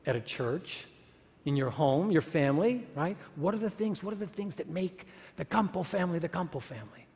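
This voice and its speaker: A man with a high, ringing voice speaks in a sermon-like way. He asks the listeners rhetorical questions and repeats lines for emphasis. A long reverb trails his voice through the large hall. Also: expressive, moderate pace, darkish tone. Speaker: speaker at a church or university gathering. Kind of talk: sermon-like talk.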